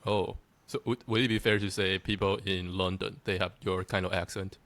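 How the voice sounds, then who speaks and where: Brief: male interviewer, very low voice, relaxed short reactions and simple questions. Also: moderate pace. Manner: short reactions, easy questions, laughs along. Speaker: interviewer, channel host. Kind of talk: casual interview.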